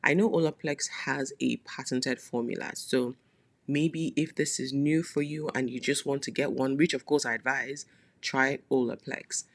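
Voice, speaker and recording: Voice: medium pitch, steady tone, normal speed. A podcast host talking casually in a solo monologue, chatty and playful, with frequent laughing asides.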